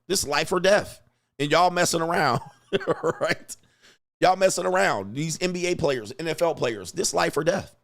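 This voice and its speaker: A man hosting a commentary vlog, talking in a profane, animated way and acting out quotes. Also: fairly high pitch, moderate pace, vocal fry. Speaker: host.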